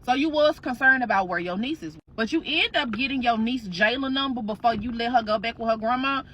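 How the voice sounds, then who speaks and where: A woman telling a dramatic story in a slangy, animated, profane way. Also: fairly high pitch, fairly quick. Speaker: storytime host. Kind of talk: casual storytelling.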